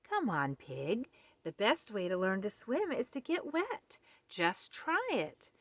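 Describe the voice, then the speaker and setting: A woman's voice: medium pitch, huge pitch swings, takes it slowly, a bit bright, dry recording, full character voice. A woman voicing a bossy male otter who coaxes his friend to swim, in a storybook reading. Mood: coaxing. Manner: bossy, encouraging. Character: pushy male otter, eager swimmer.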